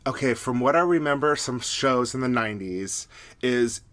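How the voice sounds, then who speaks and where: A man's voice: medium pitch, normal speed, a bit bright. A man co-hosting a podcast, retelling scenes in a chatty, exasperated way. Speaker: podcast co-host. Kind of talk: casual recap chat.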